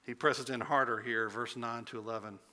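A pastor preaches a sermon in a relaxed, conversational style, his medium-pitched voice very bright and forceful at a normal speed. Now and then he climbs to loud, emphatic peaks.

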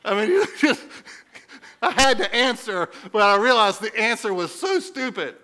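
A man's voice: sits high, bright, forceful tone. A man preaching a sermon as a pastor, telling stories in a conversational way and asking the listeners questions.

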